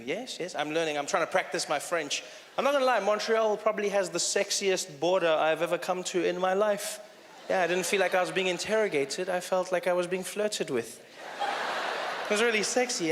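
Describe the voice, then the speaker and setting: A man doing stand-up comedy on a theater stage, telling animated stories and often saying "you know". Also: a little high, fairly quick, a little hiss or hum. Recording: roomy hall with faint ambience.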